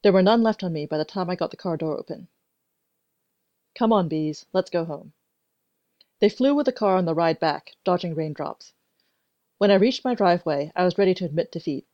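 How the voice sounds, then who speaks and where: A woman narrating a first-person story in an even, measured way. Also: on the low side, no room sound. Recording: dry, dull lo-fi recording.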